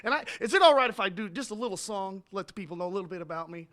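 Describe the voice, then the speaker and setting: A goofy Stooge-style wrestler, brash and boastful, cutting a promo in a highish, nasal voice. He brags and taunts with silly squeals between threats. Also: animated, rapid-fire, fairly bright tone. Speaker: pro wrestler.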